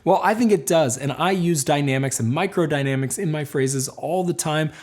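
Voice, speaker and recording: Encouraging male banjo teacher, slightly high voice. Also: moderate pace. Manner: calm, encouraging, explanatory. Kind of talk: instructional lesson.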